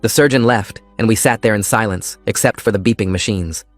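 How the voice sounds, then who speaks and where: A man narrating a first-person story in a calm, steady scripted style. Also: fairly low pitch, fairly quick, soft background music.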